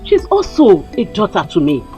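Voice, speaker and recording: A woman's voice: mid-range voice, normal speed, dull audio, soft background music. A reassuring Nigerian mother. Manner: calming, reassuring. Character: soothing, assured mother of a prince's rival. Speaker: actor. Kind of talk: Nollywood film drama.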